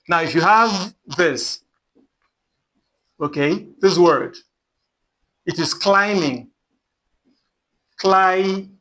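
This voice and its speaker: A man teaching English pronunciation, slowly repeating each word and example sentence so learners can copy him. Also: high-pitched, sharp tone. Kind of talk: pronunciation lesson.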